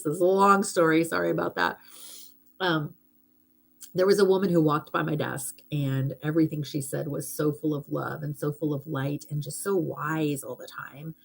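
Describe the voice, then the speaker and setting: A woman's voice: low-pitched, fairly even intonation, moderate pace, creaky. A middle-aged woman hosting a live stream, chatting casually and heartfeltly, rambling a little and thanking viewers for gifts.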